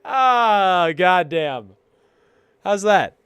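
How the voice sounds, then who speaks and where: A man chatting casually as host, rambling and swearing as he muses, drifting between mumbles and loud rants. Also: high voice, expressive, extremely slow, clean tone, no echo. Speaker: streamer host. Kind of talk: casual stoned-sounding philosophical chat.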